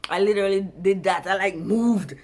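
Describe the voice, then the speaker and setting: A woman vlogger telling a personal story to camera, rambling and jumping around before coming back to her point, animated in some stretches and quiet in others. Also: brisk. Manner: rambling, jumps around then comes back; animated, turns quiet and low at emotional parts.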